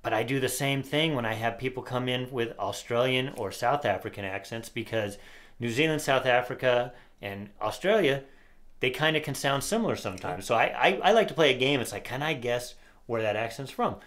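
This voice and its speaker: A man's voice: medium pitch, fairly quick, fairly bright tone. A middle-aged man co-hosting a casual political talk show, giving opinionated commentary and reading lyrics aloud with sarcasm. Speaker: podcast co-host.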